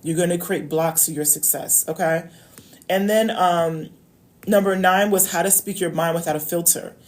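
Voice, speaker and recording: A woman's voice: lowish voice, steady tone, moderate pace. A woman coach giving casual advice straight to her viewers, chatty and repeating key phrases, often checking in with "okay?". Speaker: love coach. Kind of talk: casual direct-to-camera advice talk.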